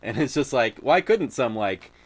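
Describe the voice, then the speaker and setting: A young man narrating as dungeon master in a loose, halting way, with many fillers and sounds he makes with his mouth. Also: mid-range voice, lively intonation. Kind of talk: narrating a tabletop game.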